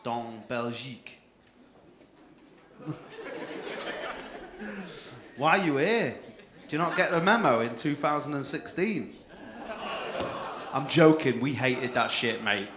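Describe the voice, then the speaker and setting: A young man with a North-West English accent doing loud, sweary crowd-work banter as a comedy club compere. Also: medium pitch, animated, takes it slowly, pauses often. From England. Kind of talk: live stand-up crowd work. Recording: echoey club room with crowd noise.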